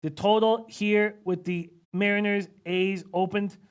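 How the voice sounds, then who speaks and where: A man's voice: sits high, fairly even intonation, unhurried, clean tone. A man hosting a live betting-picks stream, thinking aloud casually and reading out viewer comments with frequent hmms. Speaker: sports betting analyst host.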